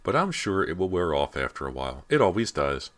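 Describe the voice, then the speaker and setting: A man's voice: sits low, sing-song, fairly quick. A man voicing a confident teenage girl with a sarcastic, teasing manner, in an audiobook reading.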